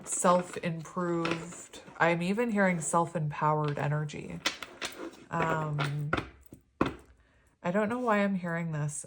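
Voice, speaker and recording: A woman reading tarot cards for viewers, chatty and gushing, with many pauses and restarts. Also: sits low, background noise. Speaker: tarot reader. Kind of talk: pick-a-card tarot reading.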